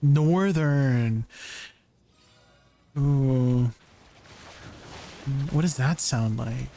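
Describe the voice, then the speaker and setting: A man's voice: a little high, measured pace, darkish tone, soft background music. A man chatting casually with viewers on a live stream, laughing often and answering their questions as he goes.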